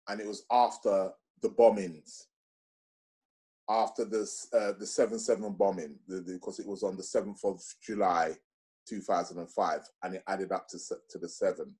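Here the middle-aged guest's voice sits low and moves at a moderate pace as he tells stories in an easygoing interview. Slang runs all through his animated delivery, and he acts out other people's words.

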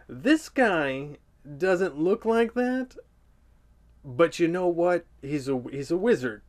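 A man's voice: a little high, lively intonation, slow pace, a little mellow. A man reading a children's storybook aloud for comedy, with sarcastic, playful asides.

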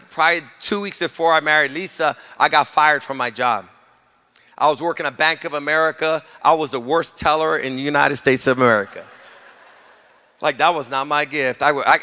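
This middle-aged male pastor has a smooth, fairly high-pitched voice as he preaches, spinning funny stories with lively energy. He jokes with his congregation and invites their responses, and the church sanctuary lends a long, hall-like reverb.

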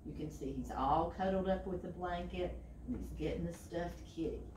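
A woman librarian reading a picture book aloud to children, animated and asking them questions. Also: lowish voice, normal speed, a little hiss or hum. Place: library room. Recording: roomy and distant from the mic.

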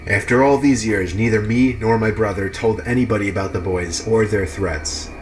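Low-voiced man narrating horror stories. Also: noisy background. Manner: even, measured storytelling. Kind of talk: scripted narration.

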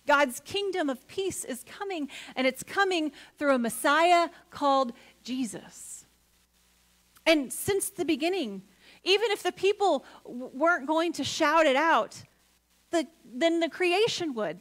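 A woman pastor preaching a sermon in a church, earnest, building to emphatic points and then dropping soft. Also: high voice, expressive, a little slow. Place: church sanctuary.

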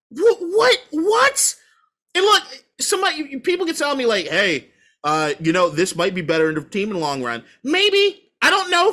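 A fired-up man ranting on a sports podcast, his voice bright and forceful. He swears freely and works himself into a lather, pushing each point hard. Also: very high-pitched. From Washington, D.C. area. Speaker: podcast co-host. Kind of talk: casual sports talk.

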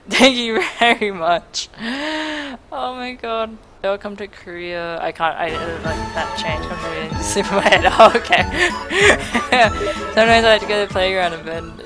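A young woman, chatting casually on a live stream while gaming. She is excitable, laughs a lot and swears freely. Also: medium pitch. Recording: game music playing loudly behind. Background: game music.

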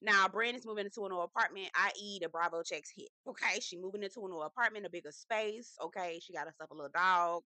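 A woman's voice: medium pitch, fast, few pauses, sharp tone, no echo. A woman hosting her own casual TV review vlog, chatty and slangy, with emphatic asides to her viewers. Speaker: host.

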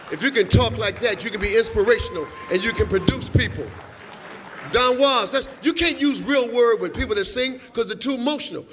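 A man's voice: high-pitched, brisk, a bit bright. A middle-aged man presenting at an awards show, riffing playfully and teasing the musicians in a rambling stand-up style. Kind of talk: comedic stand-up riffing from the stage. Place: large awards hall, live audience.

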